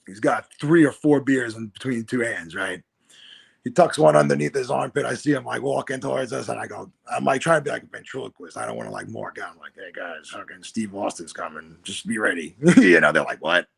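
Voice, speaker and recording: A man in his thirties telling backstage wrestling stories in a casual, animated way, acting out the voices of the people he quotes. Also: mid-range voice, fairly quick, vocal fry, husky. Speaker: guest wrestler. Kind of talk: casual storytelling.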